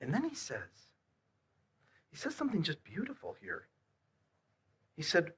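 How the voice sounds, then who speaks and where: A man preaching a sermon, swinging between hushed, quiet lines and loud, emphatic repeated questions. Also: very high voice, huge pitch swings, normal speed, pauses often, slightly rough. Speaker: pastor.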